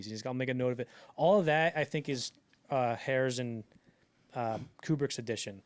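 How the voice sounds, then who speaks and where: A young man co-hosting a podcast in casual chat, talking animatedly and jumping into loud acted-out quotes. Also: medium pitch, normal speed. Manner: animated, acts out quotes in bursts, many fillers. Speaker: podcast co-host.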